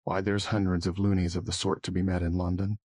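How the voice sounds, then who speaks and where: A good-natured, talkative police inspector in a storybook, as a male narrator plays him. The voice sits low with some huskiness. The sound is close and dry. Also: flat delivery, a little fast, darkish tone, dry recording. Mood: chatty.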